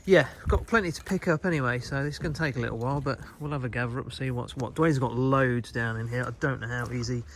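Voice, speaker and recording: A chatty, wry man talking casually as he walks around a farmyard at night. His mid-pitched voice comes through a clear layer of background noise. The recording sounds rough and outdoors. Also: fast, few pauses. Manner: chatty, wry, fond of mild swearing. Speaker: host.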